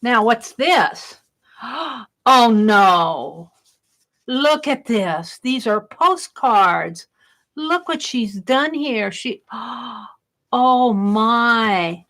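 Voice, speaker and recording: A woman's voice: on the high side, animated, very slow, fairly bright tone. A woman hosting a casual crafting live stream, exclaiming over mail and greeting viewers in chat.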